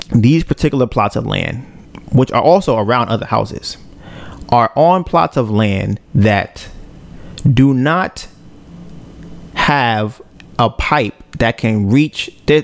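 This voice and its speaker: A man's voice: medium pitch, no echo. A man hosting a podcast who retells events in a loose, slangy way and acts out his own reactions in quotes. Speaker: podcast host. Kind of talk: casual storytelling.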